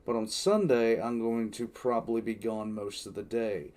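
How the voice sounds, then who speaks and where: A man hosts a reaction video in a relaxed, rambling chat. He fills pauses with "um" and drifts from one point to the next. His voice is mid-pitched. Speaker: reaction channel host. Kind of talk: casual chat.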